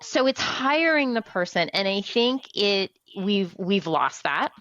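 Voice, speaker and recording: A woman's voice: medium pitch, sing-song, a little slow, a bit bright. A woman hosting an interview, chatting in a conversational way, asking questions and backing up her guest's points. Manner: conversational, affirming, asks questions. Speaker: host. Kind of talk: casual interview chat. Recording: dull, slightly lo-fi sound.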